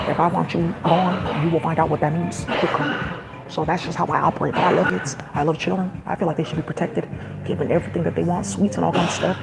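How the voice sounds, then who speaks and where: A woman's voice: low-pitched, creaky. A woman vlogger in a casual, meandering monologue, full of fillers and sudden asides. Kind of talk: casual rambling monologue to camera. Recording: noisy background ambience.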